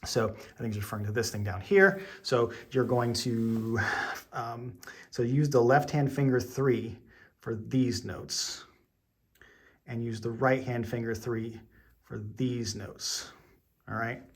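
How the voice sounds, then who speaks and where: A man's voice: medium pitch, steady tone, slow. A man giving an online piano lesson, explaining each step patiently with plenty of ums and okays. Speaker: piano teacher. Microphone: camera mic.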